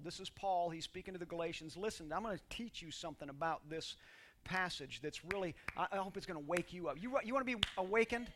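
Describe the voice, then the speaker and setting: A male pastor preaching a sermon, moving from quiet scripture reading to loud, shouted exhortation and leading the congregation in call-and-response. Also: high voice, a little fast, a little hiss or hum.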